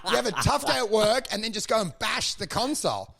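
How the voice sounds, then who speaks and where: A man's voice: sits high, lively intonation, a little fast, vocal fry, crowd noise. A man, a comedian telling rambling stories in casual chat, acting out quoted voices and laughing often. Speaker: podcast co-host, stand-up comedian. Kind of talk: casual chat, comic storytelling.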